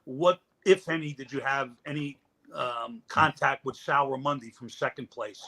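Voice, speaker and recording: A man co-hosting a chat show, asking questions in a halting, stumbling way. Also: medium pitch, fairly even intonation, creaky, sharp tone. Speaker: co-host. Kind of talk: casual chat.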